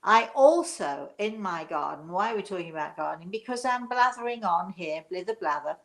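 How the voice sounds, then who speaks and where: A woman's voice: mid-range voice, gravelly. Chatty older woman, rambling host. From England. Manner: chatty, meandering, many fillers. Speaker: show host, medium. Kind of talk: rambling casual chat.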